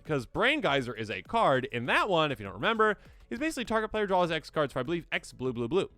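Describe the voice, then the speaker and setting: A man hosting an excitable card game deck overview, acting out players' reactions in squeaky voices. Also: fast, no room sound, faint music behind. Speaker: host.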